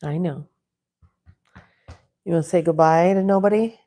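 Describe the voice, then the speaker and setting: A woman hosting a casual livestream from home, chatting in a relaxed way and talking to her dogs now and then. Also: on the low side, moderate pace. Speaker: livestream host. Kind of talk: casual live-stream chat.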